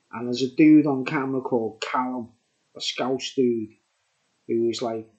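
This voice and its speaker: A man's voice: medium pitch, darkish tone, highs cut off. Tipsy man rambling to camera. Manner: rambling, repetitive, keeps adding "mate" and "right?". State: tipsy from drinking. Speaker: vlogger reviewing beer. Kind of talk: rambling casual monologue to camera.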